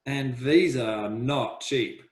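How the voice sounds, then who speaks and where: A man's voice: medium pitch, slow. A middle-aged man in a casual podcast chat, talking bluntly and sarcastically. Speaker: podcast co-host. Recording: roomy echo.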